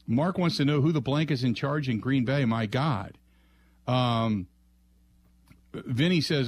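A man hosts a sports call-in radio show from the studio. He thinks out loud, stopping and restarting his phrases and trailing off as he searches for words. His voice sits at an ordinary mid pitch. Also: breathy edge. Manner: musing, halting, many restarts.

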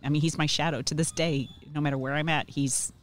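A woman's voice: deep voice, fairly even intonation, brisk. Chatty, sarcastic middle-aged woman. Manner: sarcastic, chatty with frequent ums. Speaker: interview guest. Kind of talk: casual storytelling.

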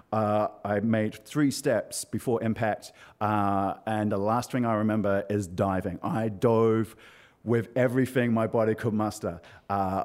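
A man telling a personal story on stage, animated and self-mocking, with frequent filler sounds. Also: mid-range voice.

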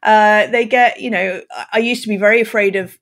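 A woman who works as an email communication expert, speaking as a podcast guest with energy, expressive and full of ums. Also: medium pitch, fairly quick. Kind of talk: casual podcast interview.

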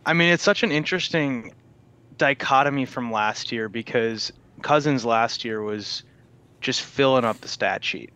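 A man co-hosting a sports podcast, laying out points in a measured, analytical way. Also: mid-range voice, bright, forceful tone, clean tone. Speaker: podcast co-host. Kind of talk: casual sports chat.

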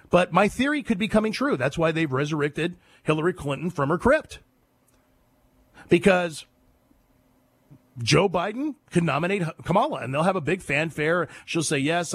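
A man hosting a call-in talk radio show, giving an opinionated monologue with sarcasm and sudden swings between loud and hushed. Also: sits high, no echo.

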